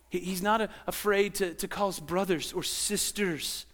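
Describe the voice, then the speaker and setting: A man preaching a sermon as pastor, animated and conversational, who often repeats words and throws questions at his congregation. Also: sits high, moderate pace, hardly any pauses.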